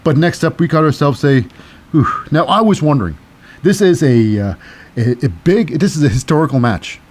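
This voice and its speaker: A man's voice: a little high, expressive, normal speed. A man hosting a casual wrestling recap podcast with a cynical, wry manner and many fillers. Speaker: podcast host.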